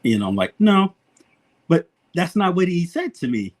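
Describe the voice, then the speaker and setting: A man hosting a podcast, telling a story in a casual, animated way, laughing often and swearing freely. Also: on the high side, a little fast. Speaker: podcast host.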